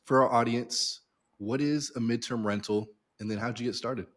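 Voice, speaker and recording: A male podcast host who keeps the chat upbeat and jokey and hypes up his guest. His voice sits at a medium pitch. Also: normal speed. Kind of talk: casual interview chat.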